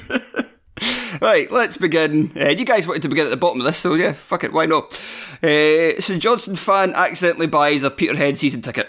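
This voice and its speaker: A man's voice: on the high side, lively intonation, a little fast, a bit bright. A man hosting a casual podcast, joking at his own expense, swearing and laughing often. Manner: self-deprecating, swears freely, laughs often. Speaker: stand-in podcast host.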